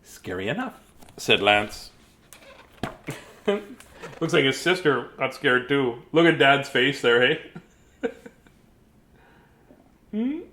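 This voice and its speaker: A man's voice: mid-range voice, big pitch swings, extremely slow, long pauses, sharp tone, a little hiss or hum. A man reading a picture book aloud, chuckling and adding chatty asides to the listeners. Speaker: storybook reader.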